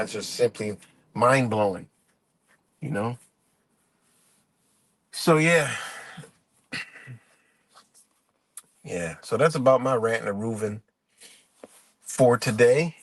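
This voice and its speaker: A man's voice: lowish voice, slow pace, pauses often. A man ranting on his live stream, swearing a lot, exasperated and rambling, and mocking people in quoted voices. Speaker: livestream host.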